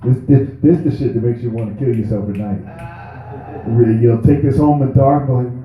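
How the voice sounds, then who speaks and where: A man's voice: medium pitch, normal speed. A man hosting an open mic, musing darkly and dryly between acts. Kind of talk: stand-up host banter. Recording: distant mic, echoey room, tinny sound.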